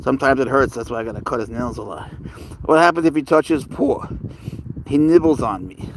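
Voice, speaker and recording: A man's voice: medium pitch, brisk, slight background noise, rough recording. An older man hosting a casual livestream, rambling and chatty as he reads out and answers viewer comments. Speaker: livestreamer with a pet cat.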